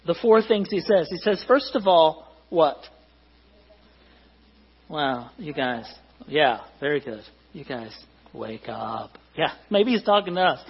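Middle-aged man, pastor, husky tone, fairly high voice, chatty sermon, muffled recording. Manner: conversational, joking with the congregation. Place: church hall.

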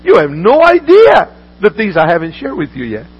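High, husky male preacher. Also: huge pitch swings, normal speed, dull audio. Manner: earnest preaching with frequent repeated words and restarts. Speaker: pastor. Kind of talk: sermon.

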